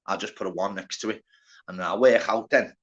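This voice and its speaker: A man with a Liverpool accent runs a loose, chatty live stream, cursing freely and calling out viewers by name. His voice sits on the low side. The recording sounds dull and lo-fi. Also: brisk, husky. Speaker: livestream host. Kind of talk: casual live stream chat.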